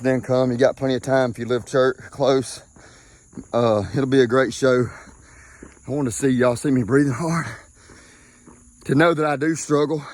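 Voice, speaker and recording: A man's voice: mid-range voice, darkish tone. A man with a Mississippi accent, out of breath, talking casually while walking outdoors and keeps saying okay. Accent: Southern US, Mississippi. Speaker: vlogger.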